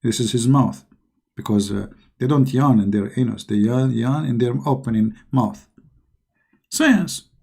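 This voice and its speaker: A man's voice: medium pitch, normal speed, creaky, mellow. A middle-aged man and online commentator giving a sarcastic, scoffing monologue in loosely built, non-native English. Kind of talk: mocking religious-critique monologue.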